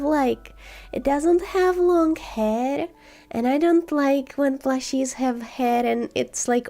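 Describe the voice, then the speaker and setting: Sick woman, soft slow cozy chat. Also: high voice. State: sick, sore scratchy throat. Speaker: vtuber streamer. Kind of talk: casual chat.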